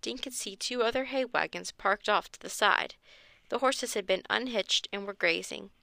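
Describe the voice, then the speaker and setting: Woman storyteller for a kids' mystery book, expressive read, bright tone with some fry, dry booth sound. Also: normal speed, no echo. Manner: expressive, pitches up for the children's lines. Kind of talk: reading a children's chapter book aloud.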